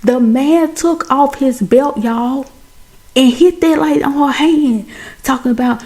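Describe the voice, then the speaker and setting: A woman retelling a movie plot in a chatty, animated way, talking straight to her viewers. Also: high-pitched, unhurried. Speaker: movie recap host. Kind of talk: casual movie recap.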